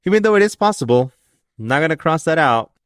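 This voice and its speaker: A man's voice: on the high side, sing-song, fast, smooth, no echo, clean studio sound. A man co-hosting a podcast in casual conversation, rambling and joking, often restarting his sentences. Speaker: podcast co-host.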